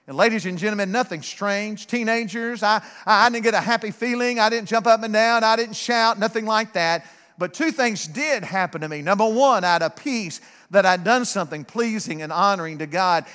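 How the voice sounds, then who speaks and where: A middle-aged man preaching a sermon, fervent and repetitive, building to shouts. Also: high voice, normal speed. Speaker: guest preacher. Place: church sanctuary. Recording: long hall reverb.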